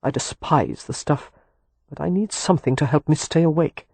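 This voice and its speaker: A man's voice: on the high side, expressive, normal speed, creaky, darkish tone, breathy edge, dry recording, full character voice. An audiobook narrator voicing a weary, protective Romany man who talks with dry sarcasm and turns earnest when tender. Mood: wry.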